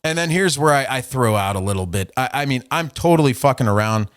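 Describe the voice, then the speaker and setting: A man's voice: medium pitch, lively intonation, fast talker, a bit bright, clear, resonant tone. A man hosting a podcast, casually telling a story in a mocking, profane way. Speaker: podcast host.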